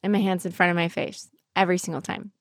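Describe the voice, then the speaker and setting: A woman hosts a podcast, telling a spooky story in loose, casual chat. She acts out the lines of the people in her story, with plenty of "um" and "like" along the way. Her voice sits a little low and sounds dry and close. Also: fast, vocal fry, no echo. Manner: animated storyteller, acts out quotes; many fillers, 'like' and 'um'. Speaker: podcast host.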